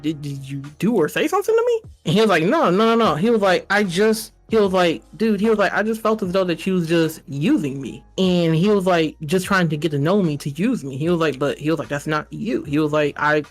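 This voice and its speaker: Animated storytelling man, high voice. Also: a little fast, few pauses, faint music behind. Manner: animated storytelling, acting out quoted dialogue. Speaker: podcast guest, animator. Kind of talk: casual chat.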